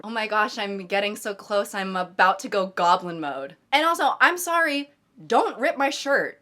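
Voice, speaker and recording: A woman in her twenties giving casual, sarcastic, animated commentary on viewer stories she reads out as a video host. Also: mid-range voice, moderate pace. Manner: sarcastic, animated, exaggerated reactions.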